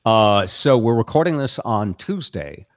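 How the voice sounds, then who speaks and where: An older man hosting a live chat show in a low, deep voice that swings up and down a lot as he talks. He rambles and jokes at his own expense. The sound is dry and close. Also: expressive, unhurried, no echo. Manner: rambling, jokey, self-deprecating. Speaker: show host. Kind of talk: casual live-stream chat.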